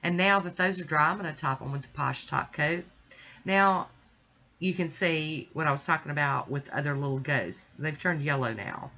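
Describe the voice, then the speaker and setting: Chatty woman with a bright, dull-sounding voice. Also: low voice, a little fast, few pauses. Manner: relaxed, rambling, with fillers and small laughs. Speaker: nail art vlogger. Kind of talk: casual chatty tutorial narration. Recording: dull lo-fi audio.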